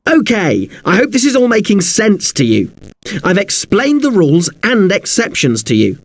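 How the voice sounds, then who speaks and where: A male teacher takes the listener through spelling rules in a scripted lesson, politely apologizing for the exceptions. His voice sits high and swings widely in pitch. The sound is dry and close. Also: huge pitch swings, normal speed, no room sound.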